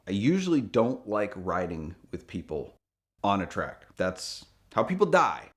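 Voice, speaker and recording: Man, middle-aged, lowish voice, casual animated storytelling. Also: unhurried. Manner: animated, jumps up in pitch for quoted voices. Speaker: car dealer telling a story.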